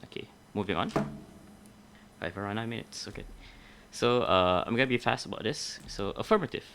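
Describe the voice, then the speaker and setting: A man's voice: lowish voice, fairly quick, background noise. A young adult man teaching a grammar lesson, explaining methodically step by step and correcting himself along the way.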